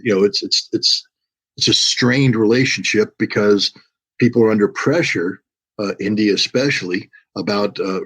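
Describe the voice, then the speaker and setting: Low husky older man, rambling. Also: low-quality recording. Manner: rambling, repeats words, mimics voices mid-story. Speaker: guest commentator. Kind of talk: casual interview talk.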